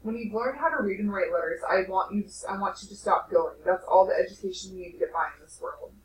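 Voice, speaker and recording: A woman's voice: medium pitch, quick pace, close to an everyday voice. Stern, sarcastic father, as a teacher reads him aloud. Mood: scolding. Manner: emphatic, sarcastic. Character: stern stingy working-class father, gruff. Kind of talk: reading a novel aloud to a class. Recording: distant echoey classroom, faint noise.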